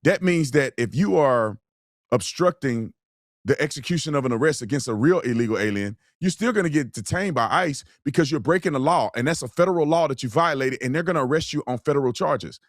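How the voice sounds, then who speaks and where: A man's voice: medium pitch, lively intonation, brisk, dry recording. Male host, blunt colloquial commentary, dry close-miked sound. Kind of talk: political commentary with ad read.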